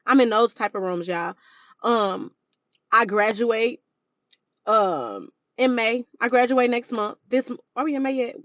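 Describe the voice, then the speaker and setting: A woman's voice: fairly high pitch, lively intonation, a little slow, no echo, highs cut off. A woman in her early thirties gives an emotional personal testimony, close to tears, talking straight to her viewers. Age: 30s. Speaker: podcast host.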